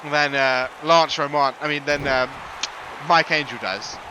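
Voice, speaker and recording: Excitable, high-voiced male wrestling commentator. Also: a little slow, background noise. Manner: excitable, jokey, bursts into shouted ring introductions. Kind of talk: live play-by-play commentary.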